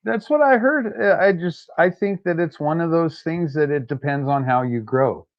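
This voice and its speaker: A man's voice: fairly high pitch, lively intonation, moderate pace, no room sound, dull audio. A man co-hosting a casual chat, easygoing and matter-of-fact.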